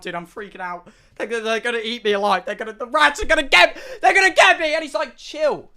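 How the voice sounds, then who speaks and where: A young man tells a rambling story to his stream chat, animated and full of swearing. His voice sits high with a crisp, bright edge, and he piles up fillers as he goes. It sounds like a loose, casual live stream.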